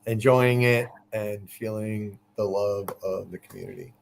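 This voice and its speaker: A man's voice: lowish voice, fairly even intonation, unhurried, a little hiss or hum. Teasing man co-hosting a live chat. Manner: teasing, joking. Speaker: co-host. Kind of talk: casual live-stream chat.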